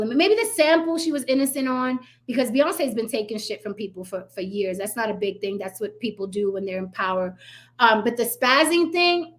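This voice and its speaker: A woman hosting her own commentary channel, ranting bluntly and sarcastically, swearing freely and talking straight to her viewers. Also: a little high.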